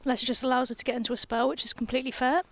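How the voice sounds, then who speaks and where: Lady cricketer on guest commentary, a bit high-pitched, teasing banter, headset mic outdoors. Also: little pitch movement, racing, fairly bright tone. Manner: playful, teasing, giggly banter. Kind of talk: live sports commentary, casual chat. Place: outdoor gazebo at a cricket ground. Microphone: headphones with mic.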